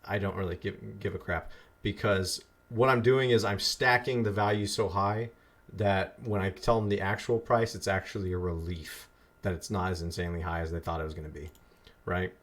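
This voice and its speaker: A man's voice: low-pitched, steady tone, moderate pace, a bit bright. A man teaching an online marketing course in a chatty, loose way, repeating phrases for emphasis and muttering asides as he fixes his slides. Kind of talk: casual screen-share lesson.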